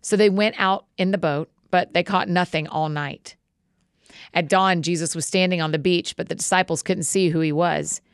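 A woman host reading scripture aloud in a steady, measured way. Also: fairly low pitch, no echo, studio quality.

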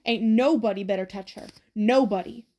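A woman reading the part of a gruff, suspicious teenage boy leader who talks bluntly in slang. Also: mid-range voice, normal speed, a little mellow, natural voice. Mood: commanding.

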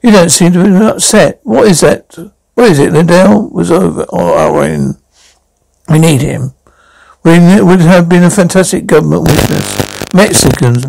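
A man reading a fan-made radio drama and voicing every role himself, with a halting delivery full of stumbles and restarts. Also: fairly high pitch, vocal fry, darkish tone, poor audio. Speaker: fan audio drama reader voicing all roles.

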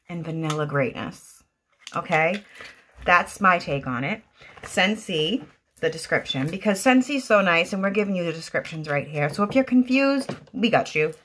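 A woman's voice: low-pitched, fairly bright tone. A woman with a Boston accent giving a chatty, enthusiastic product review at home, gushing about each item. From Boston area, US. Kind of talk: casual product review vlog.

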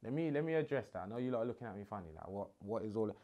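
A man's voice: fairly low pitch, very fast, highs cut off. A young man, half Ghanaian, hosting a casual chat from his living room and answering fan questions with cheeky slang. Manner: cheeky, bantering London slang, lively swings of loudness. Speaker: host. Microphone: phone at arm's length.

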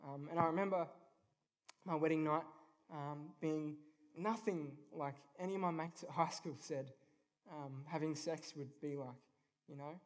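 Earnest young man, slightly high voice. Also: steady tone, a little slow. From Australia. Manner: earnest, informal, with many ums. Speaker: youth event speaker. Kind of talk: personal faith talk. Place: event venue.

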